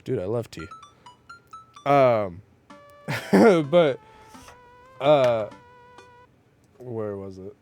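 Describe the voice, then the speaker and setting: A man's voice: mid-range voice, very slow, pauses often, darkish tone, lo-fi sound, soft background music. A man casually commenting on a dating game he is playing, joking around and reading the game's messages aloud. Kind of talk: casual let's-play commentary.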